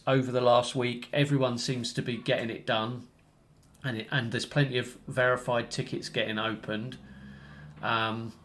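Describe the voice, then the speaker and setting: A man's voice: mid-range voice, a bit bright. A man hosting a casual online community update, rambling and correcting himself as he explains the steps.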